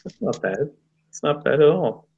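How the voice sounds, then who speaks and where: A man's voice: on the high side, expressive, normal speed, vocal fry, darkish tone, muffled recording, a little hiss or hum. A man in a casual livestream chat, easygoing and encouraging.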